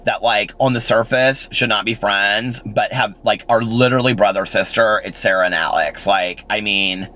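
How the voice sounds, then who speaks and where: A man's voice: lowish voice, moderate pace, hardly any pauses, bright, forceful tone. A man in his forties telling a rambling personal story in a casual vlog, full of fillers and little laughs. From Indiana, United States. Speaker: vlogger.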